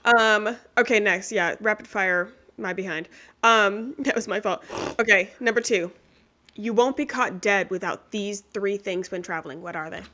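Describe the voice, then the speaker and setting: Female podcast host, bright tone, animated storytelling, laughs a lot. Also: medium pitch, moderate pace. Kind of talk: casual interview chat.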